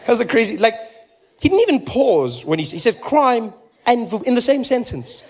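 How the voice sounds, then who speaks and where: Delivering an animated, playful stand-up routine full of acted-out characters, a South African man speaks with his native accent. His voice is very high-pitched and moves at a moderate pace.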